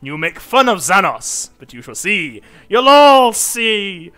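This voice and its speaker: Man playing a boastful half-orc, put-on Austrian-style accent, loud and slow, forceful. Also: high-pitched, big pitch swings, soft background music, pitched above the performer's own voice, full character voice. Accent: Austrian-tinged movie-star impression.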